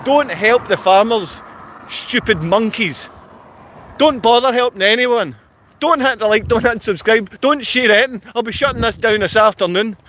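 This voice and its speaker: A man ranting angrily at his viewers in a livestream, insulting and yelling at them. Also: very high voice, moderate pace. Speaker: vlogger. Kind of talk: angry livestream rant. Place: outdoors in his town.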